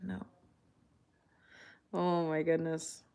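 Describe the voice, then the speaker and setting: A woman hosting a tarot livestream in a calm, chatty way, reading viewer comments aloud and thanking people by name. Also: low-pitched, extremely slow, gravelly. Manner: calm and relaxed. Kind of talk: casual livestream chat.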